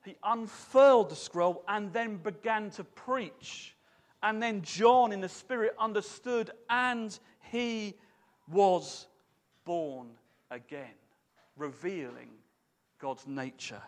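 A man preaching a sermon to a congregation in a lively, chatty way, putting questions to his listeners. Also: sits high, takes it slowly.

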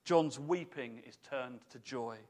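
A man preaching a sermon to a congregation in a lively, chatty way, putting questions to his listeners. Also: medium pitch, unhurried.

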